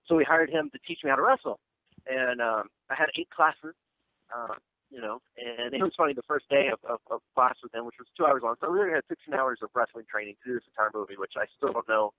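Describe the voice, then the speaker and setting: In a fast, mid-range voice with lively intonation, an actor and filmmaker guest talks about his film. The tinny, dry phone line carries no echo, and his casual speech rambles with lots of fillers and restarts.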